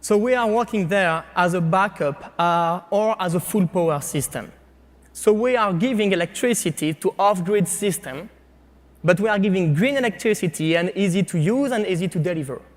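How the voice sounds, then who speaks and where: A man with a French accent giving a startup pitch to an audience, speaking haltingly with frequent fillers and restarts. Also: lively intonation, in a large hall. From France. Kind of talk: competition pitch presentation.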